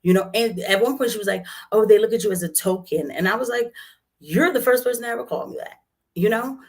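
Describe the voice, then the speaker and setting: A woman's voice: medium pitch, fast. A woman, a nurse, telling a story casually outdoors and acting out both sides of an argument in quoted voices. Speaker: registered nurse and vlogger. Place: outdoors in the heat.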